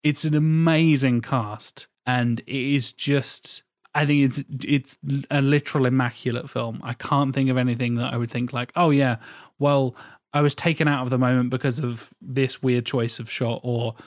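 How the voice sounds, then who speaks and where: A man's voice: mid-range voice, steady tone, moderate pace, no echo, studio quality. A man in his thirties co-hosting a podcast, talking about films in a casual, rambling way and swearing often. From England. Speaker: podcast co-host. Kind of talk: casual film discussion.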